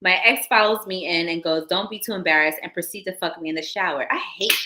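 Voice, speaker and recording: A woman's voice: fairly low pitch, fast talker, very noisy. A young adult woman hosting a live stream, reading listener stories aloud with casual, laughing asides to her chat.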